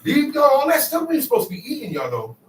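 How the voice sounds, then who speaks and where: A man's voice: very high voice, wildly swooping pitch, quick pace. A man teaching a Bible study to a small group, emphatic and acting out quotes as he calls on his listeners. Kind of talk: preaching scripture study. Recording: echoey room, distant mic, faint noise.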